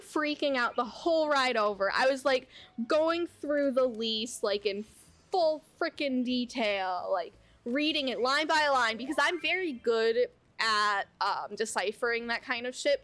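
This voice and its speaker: A young adult woman streamer telling a casual story at home while she plays, animated and chatty, full of "like" and the odd swear word. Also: on the high side, measured pace. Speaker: VTuber streamer. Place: home, at her computer.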